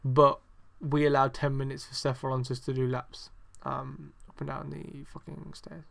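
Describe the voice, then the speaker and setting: With a creaky, slightly bright voice of medium pitch, this young man hosts a wrestling review podcast at a moderate pace, his pitch barely moving. The chat is casual and rambling, loaded with swearing, ums, sarcasm and exasperation.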